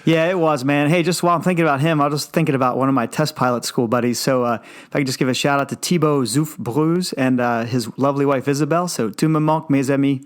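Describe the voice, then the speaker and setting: A man's voice: mid-range voice, quick pace, hardly any pauses. A man co-hosting a podcast, enthusiastic and brief in his replies. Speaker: podcast co-host. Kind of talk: casual podcast chat.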